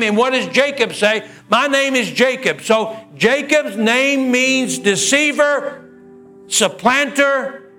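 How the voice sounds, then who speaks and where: A man preaching a sermon, acting out the dialogue of the story with swings in his voice. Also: sharp tone. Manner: storytelling preacher who acts out the dialogue with a lot of pitch swings. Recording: faint music behind.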